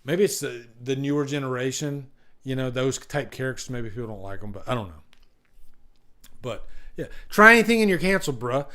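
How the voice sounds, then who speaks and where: A man's voice: mid-range voice, animated, brisk, pushed and bright. A man hosting a live stream, talking casually and rambling with enthusiasm and many restarts. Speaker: host.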